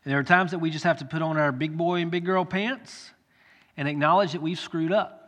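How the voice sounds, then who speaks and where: A male pastor preaching a sermon with earnest, direct address that swells into loud pleading. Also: fairly high pitch, steady tone, fairly quick. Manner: earnest, rises to loud pleading when quoting. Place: church sanctuary. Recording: long church hall reverb.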